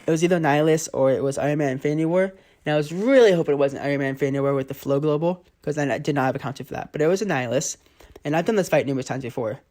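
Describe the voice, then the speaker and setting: A man's voice: fairly high pitch, very fast, a little mellow. A man giving casual play-by-play commentary over his own mobile game footage, often exasperated. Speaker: gaming channel host.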